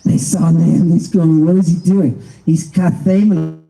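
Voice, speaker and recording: A man hosting an animated livestream lecture, excitable and exclamatory, with frequent joking asides. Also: fairly high pitch, normal speed, gravelly, poor audio. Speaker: livestream host.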